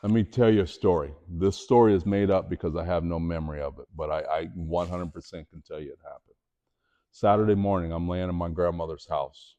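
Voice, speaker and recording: A man's voice: brisk, muffled recording. Man giving a dramatic motivational talk. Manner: storytelling, animated, raises voice for drama then drops low. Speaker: motivational speaker. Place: school auditorium.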